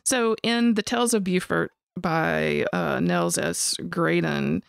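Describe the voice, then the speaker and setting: A woman co-hosting a podcast, telling a story in an animated, casual way and swearing freely. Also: fairly low pitch, slow, creaky, clear, resonant tone, no echo, clean studio sound. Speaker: podcast co-host.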